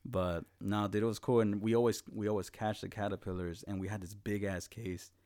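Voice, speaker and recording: Low-voiced young man telling profane stories. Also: steady tone, fairly quick, mellow. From Los Angeles. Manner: profane, laid-back storytelling with acted-out quotes. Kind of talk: casual chat.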